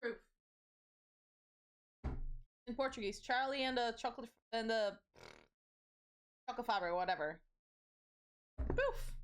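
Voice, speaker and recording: A woman's voice: a little high, fast. A young adult woman streamer chatting casually on a livestream, rambling through stories and swearing freely.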